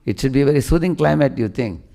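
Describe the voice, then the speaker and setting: A man's voice: mid-range voice, fast, gravelly. A man giving a devotional sermon, telling stories and often asking listeners questions. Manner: animated storyteller, asks listeners questions. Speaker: preacher.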